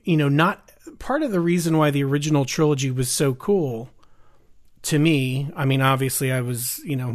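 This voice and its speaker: A man hosting a podcast, talking in a measured, thoughtful way with some hesitations. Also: medium pitch. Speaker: podcast host. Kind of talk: casual chat.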